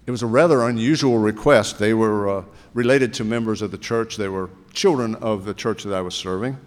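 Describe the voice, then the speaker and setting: A male pastor giving a sermon, telling stories in a relaxed, conversational way. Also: lowish voice, a little fast. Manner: conversational storytelling preaching. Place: church sanctuary. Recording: long reverb of a church hall.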